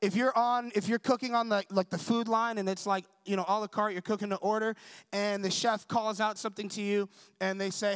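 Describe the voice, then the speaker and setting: A man's voice: high-pitched, steady tone, fairly quick, clean tone, dry recording. A young man giving a conversational sermon, telling a story and acting out the dialogue, often checking in with the audience. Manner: conversational, asks the audience for agreement. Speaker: preacher.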